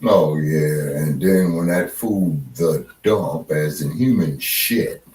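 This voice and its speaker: A man's voice: very deep voice, takes it slowly, darkish tone, recorded from a distance. A man co-hosting a casual political chat, talking bluntly and profanely with strong emphasis. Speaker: co-host. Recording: roomy echo, set back from the mic.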